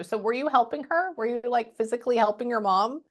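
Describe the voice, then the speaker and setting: A woman spiritual medium talks a client through a reading in a loose, chatty way. She stops herself mid-sentence, starts again and drops the odd curse. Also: a little high. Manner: chatty, halting, trailing off and cursing. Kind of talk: casual reading session.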